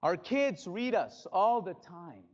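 A male pastor preaching a sermon in a church, dramatic, swinging from loud bursts to hushed drops. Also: high voice, big pitch swings, takes it slowly, dull audio. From Spanish-speaking background. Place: church sanctuary.

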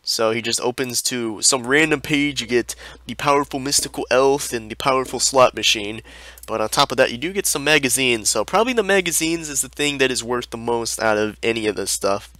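Young man, sarcastic exasperated rant, bright edgy tone, dry close mic. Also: mid-range voice, expressive, brisk, dry recording. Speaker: YouTube host reviewing card listings. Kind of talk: sarcastic commentary over screen recording.

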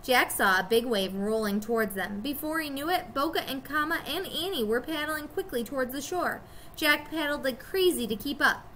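A woman teacher reading a children's chapter book aloud to her students, expressive and storytelling. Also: sits high, normal speed, slight background noise.

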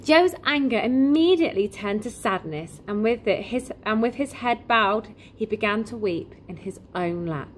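A woman reading a children's novel aloud in an expressive, lively storytelling manner. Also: fairly high pitch, normal speed, few pauses, a little hiss or hum. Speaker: reader.

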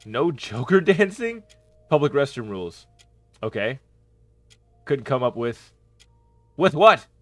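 A man giving playthrough commentary on a horror game, reacting with excited yelps and shouts. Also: medium pitch, slow pace, pauses often, dry recording. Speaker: gaming YouTuber.

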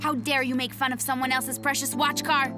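A woman plays a brave, upbeat young racing hero in a cartoon. The high voice stays confident and challenging as the hero stands up to bullies and cheers friends on. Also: flat delivery, a little fast, music in the background, natural voice. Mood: defiant. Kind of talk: cartoon dub.

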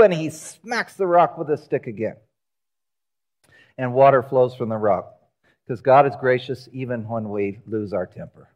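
A man preaching a sermon in a church, telling the story with lively acted-out voices. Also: mid-range voice, a little slow, muffled recording. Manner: animated storytelling, acting out quoted voices. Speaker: pastor. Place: church sanctuary.

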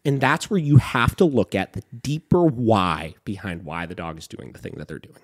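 A man's voice: lowish voice, normal speed. A young man hosting a dog training podcast, explaining emphatically in a casual way, often asking "right?" and swearing now and then.

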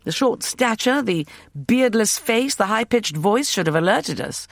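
A man narrating an audiobook novel in a measured storytelling manner, close to the microphone. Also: high voice, expressive, vocal fry, no room sound.

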